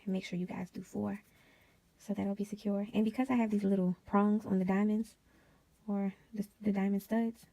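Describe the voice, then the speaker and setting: A woman hosting a casual sewing tutorial, chatty and drifting into quiet whispered asides as she works. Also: on the low side, vocal fry. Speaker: DIY sewing vlogger.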